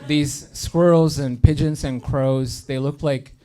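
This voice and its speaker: A man in his thirties from India doing a stand-up set on stage in a comedy theater, speaking in a dry, deadpan way and pausing for punchlines. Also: mid-range voice. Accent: neutral American-sounding. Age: 30s. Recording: live room with audience noise. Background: audience laughter.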